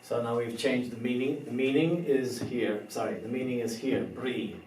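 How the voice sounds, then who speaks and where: A man teaching a beginner language lesson, slow and careful, spelling out words letter by letter. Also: mid-range voice, a little mellow, slight background noise. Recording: roomy echo, somewhat far from the mic.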